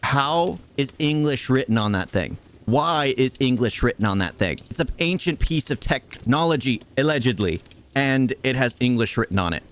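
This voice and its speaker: A man's voice: medium pitch, animated, normal speed, fairly bright tone. A man ranting sarcastically through a movie review, firing off exasperated rhetorical questions.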